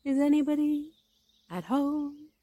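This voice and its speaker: A woman's voice: fairly high pitch, big pitch swings, unhurried, dark tone, dry recording, voice pushed up, full character voice. A woman voicing a friendly, hungry, simple-minded male bear in a storybook reading, earnest and polite. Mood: eager.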